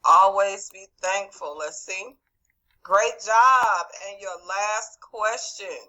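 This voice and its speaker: Over a low-quality recording, a woman speaks slowly at medium pitch with a sharp tone. She's going over a quiz in an online class on a video call, warmly calling on students by name.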